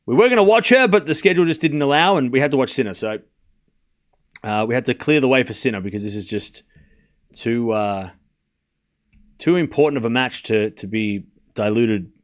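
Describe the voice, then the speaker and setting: A man's voice: mid-range voice, normal speed, long pauses. A man hosting a live tennis watchalong stream, calling points and chatting casually with his viewers. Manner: chatty, laughs often, talks to chat. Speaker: host.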